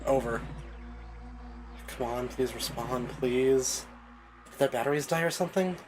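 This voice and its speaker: A man's voice: medium pitch, unhurried, pitched below the performer's own voice, close to an everyday voice. A man voicing a flustered young paladin woman. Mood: nervous. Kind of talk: reading game dialogue aloud. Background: game soundtrack music.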